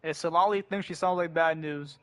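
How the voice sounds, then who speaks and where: A man's voice: fairly high pitch, fairly even intonation, a little fast. A young man streaming a video game, talking in a laid-back, slangy way with frequent restarts. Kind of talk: casual gaming commentary. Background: game audio and music.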